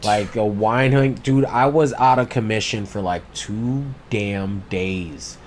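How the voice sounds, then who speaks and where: A man's voice: lowish voice, takes it slowly, a little hiss or hum. A man co-hosting a podcast, telling stories in loose, casual chat with heavy swearing. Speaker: podcast co-host.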